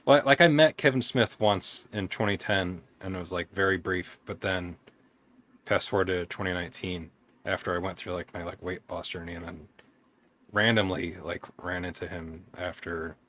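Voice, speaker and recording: A man's voice: sits low, fairly even intonation, moderate pace, a bit bright. Laid-back man co-hosting a podcast. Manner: loose and conversational, corrects himself mid-sentence. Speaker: podcast co-host. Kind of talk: casual podcast chat.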